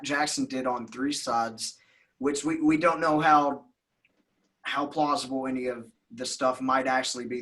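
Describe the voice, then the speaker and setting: A man's voice: mid-range voice, fairly bright tone. A man with a Southern US accent hosting a podcast in casual chat, loose and rambling, swearing freely. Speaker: podcast host.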